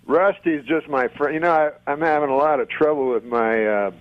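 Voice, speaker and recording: A comedian guest talking in a dry, deadpan manner over the phone on a radio show. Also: male voice, fairly high pitch, normal speed, no echo. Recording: dull lo-fi phone line.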